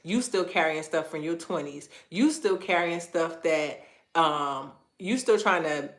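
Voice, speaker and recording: Woman, low voice, echoey room, coach, animated storytelling, casual phrasing. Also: unhurried. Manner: animated storytelling, acts out quoted voices in a much higher pitch. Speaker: wellness coach and host. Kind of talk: live-streamed personal story talk.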